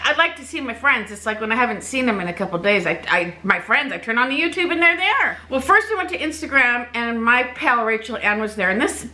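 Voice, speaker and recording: Bright, chatty woman vlogger. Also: on the high side. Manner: chatty, animated, laughs often. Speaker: weight-loss vlogger. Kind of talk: casual chat to camera.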